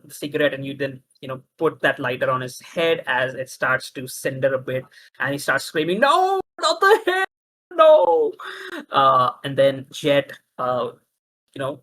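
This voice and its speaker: A man narrating as game master of a tabletop role-playing game, talking in halting bursts with many restarts. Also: mid-range voice, sharp tone, rough recording.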